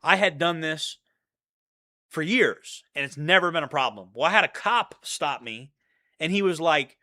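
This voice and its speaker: Bright-voiced man telling rambling stories. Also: on the high side, animated, moderate pace. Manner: rambling, profane, repeats himself. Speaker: channel host. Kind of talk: casual storytelling monologue.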